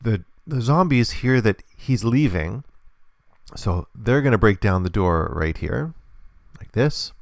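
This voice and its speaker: A man with a low, gravelly voice walks through a hands-on demonstration lesson. He explains patiently and step by step, and the recording sounds close and dry. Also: lively intonation, slow, no room sound. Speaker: instructor.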